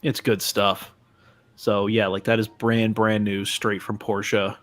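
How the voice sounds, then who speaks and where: A man's voice: on the low side, level tone, slow pace, a bit bright. A man hosting a casual live stream, chatting loosely with many fillers and restarts. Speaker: stream host.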